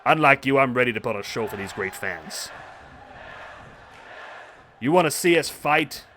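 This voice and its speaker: A man voicing a tough male wrestler with a put-on Scottish accent, gruff and blunt, taunting for a fight. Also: mid-range voice, expressive, normal speed, a bit bright, a faint crowd, a little hiss or hum, lightly acted. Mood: challenging. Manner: challenging, taunting, calls for a fistfight.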